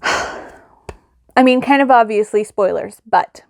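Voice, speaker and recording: A woman's voice: fairly high pitch, takes it slowly, creaky, dry recording, studio quality. A woman chatting casually in a reading vlog, rambling and gushing as she retells a book's plot. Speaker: book vlogger.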